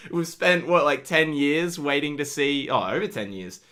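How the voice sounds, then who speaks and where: A young man co-hosting a casual podcast chat, animated and jokey, laughing often. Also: a little high, moderate pace. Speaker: podcast co-host.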